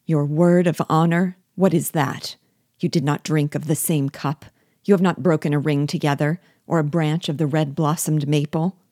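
A woman's voice: deep voice, fairly even intonation, normal speed, a little mellow, no room sound, clean studio sound. A woman reading as an indignant, loyal young hero. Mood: urgent. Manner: urgent, indignant questioning. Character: passionate young man, loyal rescuer, quick to anger.

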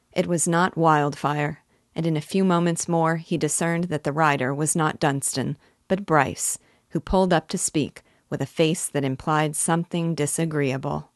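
A woman teacher reading a classic novel aloud in measured, even narration. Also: deep voice, dry recording, studio quality. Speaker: literature teacher.

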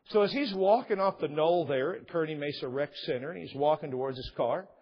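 A pastor preaches in an animated, joking way, full of sarcasm. His voice is a bit high and husky. The recording is dull and lo-fi. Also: fairly quick. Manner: humorous, sarcastic, animated retelling. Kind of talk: sermon storytelling. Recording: dull lo-fi sound.

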